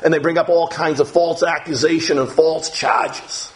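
A man's voice: a little high, steady tone, normal speed, a little hiss or hum. A man preaching a Bible lesson, reading scripture aloud and explaining it as he goes. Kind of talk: Bible teaching.

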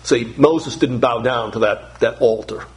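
A man's voice: mid-range voice, a little slow, slight background noise. A male pastor delivering a sermon, earnest and emphatic, often repeating words to stress a point.

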